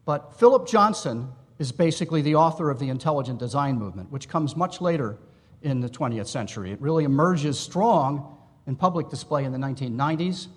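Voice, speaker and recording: A man giving an academic lecture, explaining history in a measured way with asides to his listeners. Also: mid-range voice, expressive, husky. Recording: long reverb in a hall.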